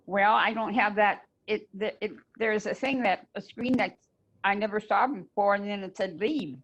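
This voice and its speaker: A woman with a gravelly, creaky voice talks over a muffled video call. She sounds puzzled and reads out the software buttons one by one. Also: mid-range voice, normal speed. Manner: puzzled, reading out menu options. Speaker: book study group member. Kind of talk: casual talk on a video call. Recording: dull video call audio.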